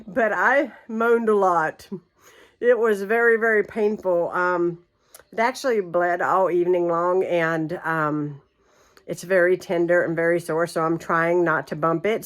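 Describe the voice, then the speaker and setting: Chatty woman vlogging in her home. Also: medium pitch. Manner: chatty, many ums, laughs often. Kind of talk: casual chat to camera. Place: guest room of an old house. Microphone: camera held by her.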